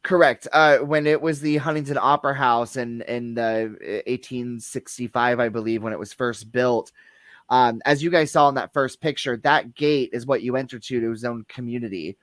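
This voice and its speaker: A man's voice: medium pitch, fairly even intonation, normal speed, fairly bright tone, no room sound. Rambling man telling a haunting story. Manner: rambling, many restarts and fillers. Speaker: guest theater employee. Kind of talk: casual paranormal discussion.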